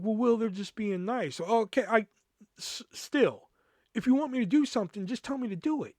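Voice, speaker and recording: A man's voice: fairly high pitch, fairly bright tone, dry recording, clean studio sound. A young man hosting a podcast, telling a work story in a casual, profane way and acting out the quoted dialogue. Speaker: podcast host.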